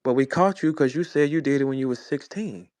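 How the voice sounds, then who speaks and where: A man's voice: medium pitch, a little fast, a little mellow, dry recording. A man in his forties from St. Louis delivering a heated, profane, mocking rant as host of his own show. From St. Louis, USA. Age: 40s. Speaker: battle rap personality, host. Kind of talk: heated monologue.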